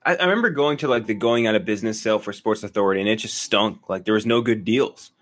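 A man's voice: fairly low pitch, quick pace, a bit bright. A man co-hosting a podcast, talking in crude, rambling, casual banter. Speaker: podcast co-host.

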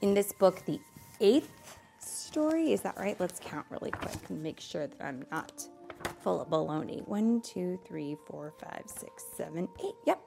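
A young adult mother reading a bedtime storybook aloud, animated, with playful asides. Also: medium pitch, gravelly.

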